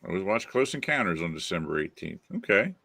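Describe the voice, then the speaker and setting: A man hosting a casual movie chat, enthusiastic and quick to laugh. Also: sits low, very animated, gravelly, bright, forceful tone, no echo. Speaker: podcast host.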